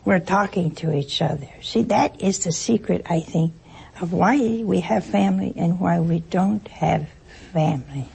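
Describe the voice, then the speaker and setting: A woman's voice: lowish voice, unhurried, gravelly, dark tone, breathy edge, poor audio. A woman giving an informal talk to an audience, a folksy, joking storyteller who acts out little exchanges. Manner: acts out short exchanges in other voices. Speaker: speaker addressing an audience. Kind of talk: informal spoken talk with anecdotes.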